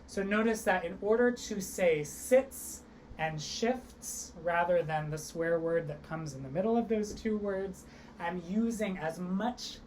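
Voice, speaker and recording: A young woman teaching an online theatre workshop, leading vocal and body warm-ups with upbeat encouragement. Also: on the low side, a little hiss or hum. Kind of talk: online acting workshop instruction.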